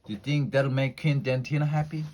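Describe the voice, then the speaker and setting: A man's voice: mid-range voice, fairly quick, a little mellow, close to an everyday voice. A man voicing an earnest, clever young boy in a children's story. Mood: eager.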